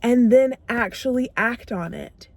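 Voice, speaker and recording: Emphatic higher-voiced woman vlogger. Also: unhurried, a little mellow, no echo. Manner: emphatic, repeats phrases for punch; acts out her own inner dialogue in quotes. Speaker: self-growth vlogger. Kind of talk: motivational talk to camera.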